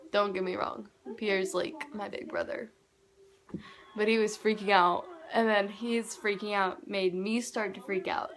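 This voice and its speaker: A woman's voice: medium pitch, fairly bright tone. A teenage girl telling a story to camera at home in a casual, chatty way, acting out what people said. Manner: chatty, acts out quoted dialogue. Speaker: vlogger.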